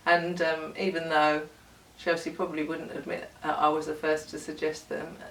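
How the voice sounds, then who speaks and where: A woman's voice: sits low, little pitch movement, normal speed, a bit bright. A middle-aged woman, chatting casually and self-mockingly with her daughter at home. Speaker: vlogger's mother, guest. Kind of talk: casual chat. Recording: roomy sound, mic at a distance.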